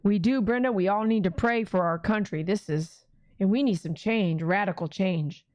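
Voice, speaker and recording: A woman with a medium-pitched, slightly mellow voice speaks at a moderate pace on a dry recording. She's running a casual livestream, reading out viewer comments and answering emphatically like a preacher, with frequent "mm-mm" hums between her points.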